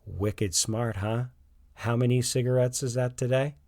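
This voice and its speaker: A man voicing a caring mother who gently questions her husband, in a raised, softer voice. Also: mid-range voice, fairly even intonation, a little slow, dry recording, voice pushed up, lightly acted. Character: caring, slightly worried young mother.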